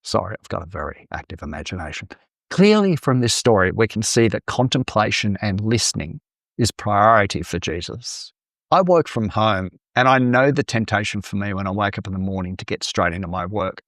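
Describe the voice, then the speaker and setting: A man's voice: lowish voice, a bit bright, no echo, clean studio sound. A man giving an online Bible teaching talk in a conversational, playful way, with acted-out asides.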